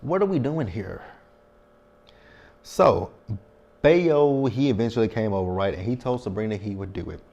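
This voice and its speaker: A man's voice: lowish voice, animated, normal speed, gravelly, long pauses, darkish tone, lo-fi sound. A man in his thirties recapping a TV episode in a casual vlog, talking frankly and checking in with tag questions. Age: 30s. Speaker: TV show recap reviewer.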